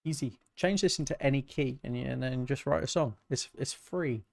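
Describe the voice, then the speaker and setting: A man's voice: mid-range voice, normal speed, creaky. Laid-back British man chatting on stream. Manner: relaxed, greets chat viewers, self-mocking. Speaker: music producer hosting a livestream. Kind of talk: casual livestream chat.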